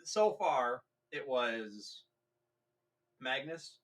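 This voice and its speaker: A man's voice: medium pitch, animated, extremely slow. A man co-hosting a podcast, casually retelling a novel's plot in a rambling way and acting out characters' lines as he goes. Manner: rambling, acts out characters' lines mid-story. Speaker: podcast co-host.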